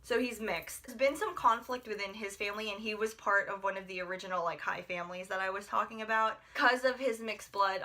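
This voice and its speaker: A woman's voice: medium pitch, pushed and bright. A young woman from the United States chatting through a book review, gushing and rambling with lots of filler words. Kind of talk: casual book review vlog.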